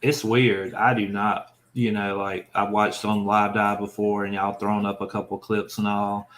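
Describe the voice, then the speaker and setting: A man's voice: on the low side, little pitch movement, measured pace, fairly bright tone, low-quality recording. A man from Mississippi with a Southern accent, chatting casually on a live stream and telling folksy stories. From Mississippi, USA. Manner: folksy storytelling with laughs. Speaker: dumpster diving YouTuber.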